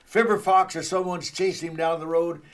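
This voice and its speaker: A man's voice: a little high, flat delivery, brisk. An older man, a guest in a casual interview, setting up a story with a showman's flair.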